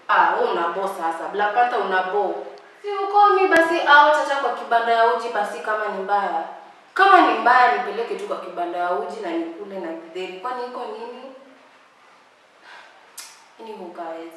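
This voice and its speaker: A woman's voice: medium pitch, lively intonation, a little fast, a bit bright, distant mic. A young Kenyan woman with a sassy, dramatic, mocking way of talking, ranting through a casual storytime. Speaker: vlogger. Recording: very echoey room, voice off-mic.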